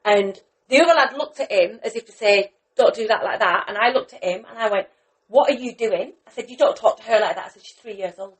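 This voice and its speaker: A woman's voice: medium pitch, a little fast. A middle-aged woman co-hosting a casual chat podcast, telling stories and acting out quotes. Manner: animated storyteller, acts out quotes. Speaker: podcast co-host.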